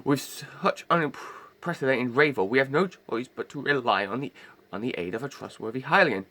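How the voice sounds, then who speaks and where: A man voicing a huge, regal old male fish king who is warm-hearted, in formal, old-fashioned speech, as an amateur game voice-over. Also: medium pitch, normal speed. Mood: grave.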